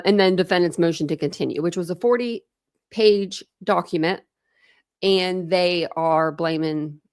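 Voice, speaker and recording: A woman's voice: lowish voice, dry recording. Chatty woman livestream host, dry sound. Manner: chatty, greets viewers by name. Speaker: true crime livestream host. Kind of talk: casual livestream chat. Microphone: webcam setup at a desk.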